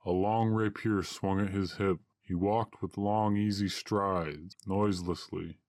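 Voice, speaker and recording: A man narrating a first-person adventure story aloud in old-fashioned, archaic wording, at a steady storytelling pace. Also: sits low, measured pace, dry recording, clean studio sound.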